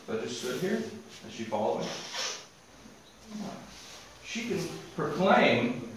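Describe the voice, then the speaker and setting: Animated preacher in an echoey hall. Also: male voice, high voice, slight background noise. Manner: animated, jokey asides, reads scripture slowly. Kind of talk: sermon with audience participation. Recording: echoey hall, faint ambience.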